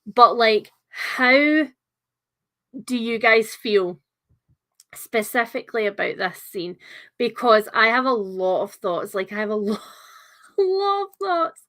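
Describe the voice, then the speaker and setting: A woman's voice: fairly high pitch, slow pace, fairly bright tone. A young woman hosting a livestreamed book club discussion, talking in a chatty, enthusiastic way with lots of filler words.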